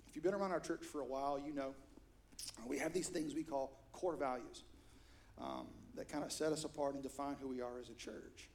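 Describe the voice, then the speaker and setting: A middle-aged man preaching a storytelling sermon in a church, animated and acting out quotes with sudden loud high bursts. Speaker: pastor.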